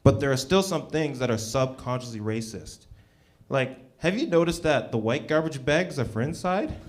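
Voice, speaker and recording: A young man doing a stand-up set at an open mic, with a loose, halting delivery full of ums. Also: medium pitch, lively intonation. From Canada. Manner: laid-back, halting delivery with many ums. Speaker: stand-up comedian. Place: small comedy venue with a live audience.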